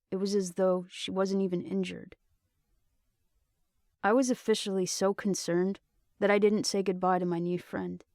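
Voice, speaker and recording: Gravelly woman narrator, steady reading, dry close sound. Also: medium pitch, dry recording. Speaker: audiobook narrator. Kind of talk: storybook narration.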